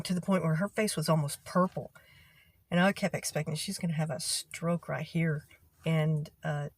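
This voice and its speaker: This woman's voice sits on the low side, and there's no echo. Middle-aged and vlogging, she shares a casual story about a bad boss with her viewers, exasperatedly performing what people said.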